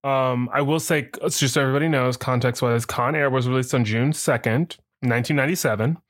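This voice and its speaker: A man's voice: mid-range voice, fairly quick. A man from the American South co-hosting a movie podcast, chatting and joking casually with many fillers. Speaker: podcast co-host. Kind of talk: casual movie-review chat.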